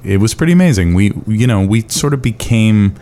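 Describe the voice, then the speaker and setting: A man's voice: lowish voice, animated, fairly quick, warm tone. A man in his forties from Canada, a musician guest in a casual interview, answering with dry wit. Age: 40s.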